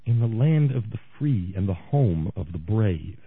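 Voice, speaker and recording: A man hosting a radio talk show, delivering an impassioned political monologue with sarcastic, shouting bursts. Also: fairly low pitch, animated, unhurried, husky. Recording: tinny phone-like radio sound, dry.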